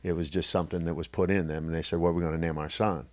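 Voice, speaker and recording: A man's voice: low voice, little pitch movement, racing, fairly bright tone, no echo. A middle-aged man hosting a podcast interview, emotional and emphatic as he gives direct advice. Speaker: podcast host. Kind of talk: conversational interview.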